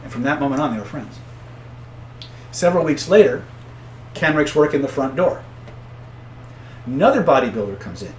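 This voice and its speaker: A man coaching viewers on influence in a casual live-stream, often tagging points with "right?" and shouting out angry characters when he tells stories. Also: medium pitch, lively intonation, moderate pace, long pauses, echoey room, a little hiss or hum. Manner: conversational, tags points with "right?"; acts out angry voices loudly in stories. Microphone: own camera setup.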